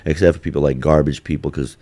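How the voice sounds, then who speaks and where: A man's voice: extremely low pitch, fairly even intonation, quick pace, dark tone, no room sound. A man hosting a casual podcast chat, swearing and joking and slipping into mocking impressions. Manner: profane, jokey, slips into mocking impressions. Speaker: podcast host.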